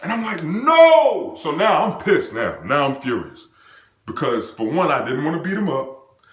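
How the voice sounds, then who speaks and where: Young man, storytelling vlogger, lively swooping pitch, roomy echo, slangy and excitable. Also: normal speed. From United States. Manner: excitable, acts out quotes and sound effects, slangy and profane. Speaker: vlogger telling a personal story. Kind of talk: animated storytime monologue.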